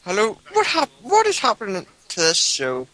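A man's voice: high voice, wildly swooping pitch, moderate pace, sharp tone, dry recording. A man from Northern Ireland with a Northern Irish accent, calling in and sounding confused and complaining. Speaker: caller. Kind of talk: casual call-in chat.

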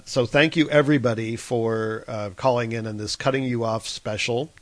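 A man's voice: medium pitch, no room sound. A man hosting a call-in radio show, casual and teasing. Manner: jokey, teasing.

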